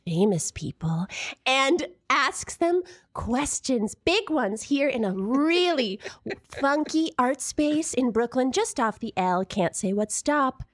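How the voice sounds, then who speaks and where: A woman guest-hosting a live comedy podcast in an art space, bubbly and teasing, laughing often. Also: high-pitched. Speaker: guest host.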